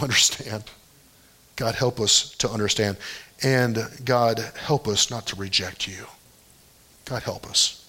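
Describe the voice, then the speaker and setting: A man preaching a sermon as pastor, in a conversational storytelling way, often pushing his voice up high to stress a point. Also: a bit bright.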